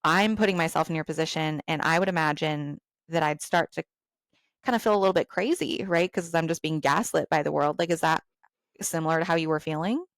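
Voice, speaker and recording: Low creaky-voiced woman host. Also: a little fast, dry recording. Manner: reflective and empathetic, thinks aloud while asking. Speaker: podcast host. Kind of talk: empathetic interview conversation.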